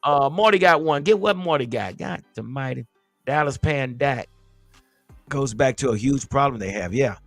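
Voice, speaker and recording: A man's voice: medium pitch, animated, moderate pace, fairly bright tone, no room sound, faint music behind. A man hosting a casual sports podcast as a former player, ranting in a heated, emphatic, fired-up way.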